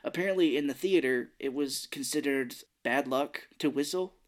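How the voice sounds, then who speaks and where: A man's voice: medium pitch, normal speed. A man co-hosting a casual podcast about a film, retelling scenes with little acted quotes and chuckles. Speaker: podcast co-host. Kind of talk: casual movie chat.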